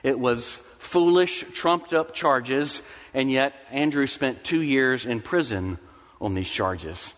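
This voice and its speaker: A man's voice: mid-range voice, lively intonation, takes it slowly, a bit bright. A man preaching a sermon with passion, his voice climbing into anguished cries when he voices desperate prayers. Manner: impassioned, rising to anguished cries in quoted prayers. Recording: long hall reverb.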